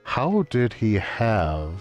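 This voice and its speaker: A man's voice: on the low side, wildly swooping pitch, drawn-out words, lo-fi sound, soft background music. A man streaming a video game, giving wry, joking commentary with exaggerated exclamations. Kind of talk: let's-play commentary.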